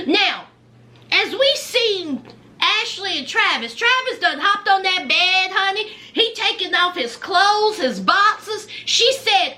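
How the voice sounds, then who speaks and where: A woman giving sassy, animated casual commentary on a reality show, with folksy asides. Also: very high-pitched, takes it slowly.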